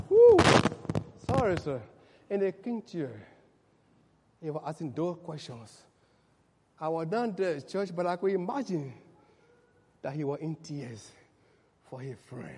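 A man preaching a sermon to his church, emphatic and swinging from loud shouts to quiet asides as he calls out to the congregation. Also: high-pitched, sing-song, a little slow, long pauses, slightly rough. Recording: long reverb of a large hall.

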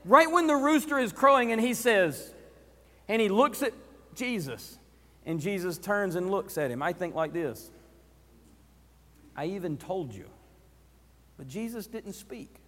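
A man's voice: high-pitched, expressive, moderate pace, a bit bright. A man preaching a sermon who retells scenes dramatically and acts them out. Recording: reverberant church hall.

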